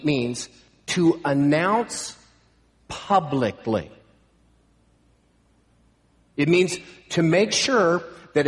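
Preacher in a reverberant hall. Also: male voice, a little high. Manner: emphatic preaching, swelling to loud proclamations. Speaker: pastor. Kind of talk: sermon.

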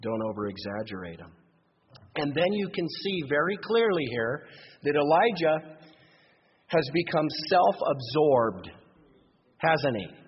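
A pastor preaching a sermon, moving between lively emphasis and quiet asides. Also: male voice, a little high, a little slow, pauses often, slight background noise. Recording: dull lo-fi recording in long-reverb hall.

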